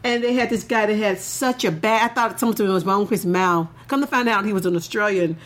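A woman's voice: mid-range voice, fairly quick. A woman chatting casually as a co-host, laughing often and restarting her sentences. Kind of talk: casual chat.

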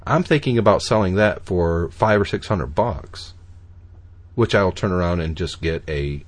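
A man's voice: low-pitched, expressive, a little slow. A man hosting a podcast, chatting casually and laughing easily. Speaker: podcast host. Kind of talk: casual chat.

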